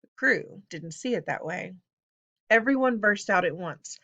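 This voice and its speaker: A woman reading a children's novel aloud as scripted narration, with expressive storytelling. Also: mid-range voice, unhurried. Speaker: audiobook narrator.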